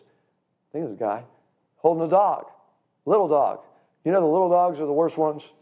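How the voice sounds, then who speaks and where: A man's voice: a little high, dark tone. A man teaching a church class in a sermon style, folksy and emphatic, calling his listeners friend.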